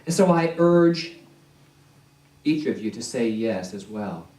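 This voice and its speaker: Slow-speaking male minister in an echoey hall. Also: medium pitch, animated, mellow. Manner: slow, deliberate delivery with repeated phrases. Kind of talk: sermon. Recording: echoey church hall, distant mic.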